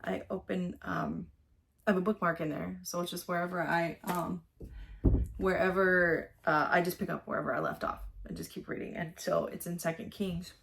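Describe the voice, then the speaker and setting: Rambling woman with a lower voice. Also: steady tone, moderate pace, creaky, fairly bright tone. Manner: rambling, with many fillers and restarts. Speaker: vlogger. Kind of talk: casual Bible reflection.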